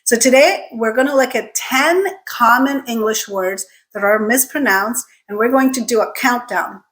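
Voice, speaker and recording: A woman's voice: fairly high pitch, fairly bright tone. Woman drilling English pronunciation, emphatic. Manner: emphatic, repeats words slowly for drilling. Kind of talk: pronunciation lesson to camera.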